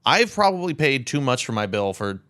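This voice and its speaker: A man's voice: medium pitch, big pitch swings, normal speed, a bit bright, dry recording. Wry, teasing male podcast co-host. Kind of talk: casual chat.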